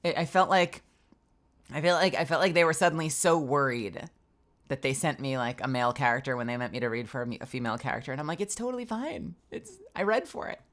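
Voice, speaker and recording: A woman voice actor streaming from her home booth, telling a story in an animated way and acting out both sides of the conversation. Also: extremely low pitch, quick pace. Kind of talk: casual stream chat.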